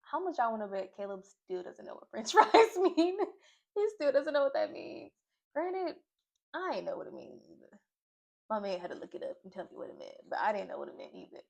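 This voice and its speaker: A woman's voice: a little high, very animated, a little fast, gravelly. A young woman from Nashville giving a casual, opinionated recap of a reality show, full of fillers and asides. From Nashville, Tennessee. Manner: chatty, opinionated, lots of fillers. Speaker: reality TV reviewer. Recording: slightly dull lo-fi audio.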